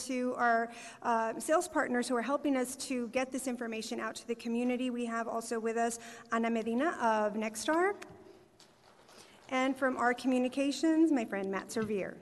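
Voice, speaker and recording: A woman from giving a formal welcome speech as a city communications director, upbeat and reading out names with small fillers. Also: fairly high pitch. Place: performing arts center hall. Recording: long hall reverb.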